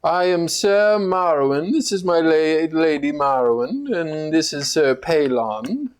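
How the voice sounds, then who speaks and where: Low-voiced woman running a tabletop game. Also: expressive, takes it slowly, a little mellow. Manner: plays a pompous noble with a haughty put-on courtesy. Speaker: game master. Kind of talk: live tabletop game narration and role-play.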